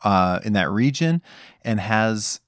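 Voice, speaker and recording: A man's voice: lowish voice, animated, slow, no room sound, studio quality. A man co-hosting a podcast in casual chat, making joking, wry asides. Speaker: podcast co-host.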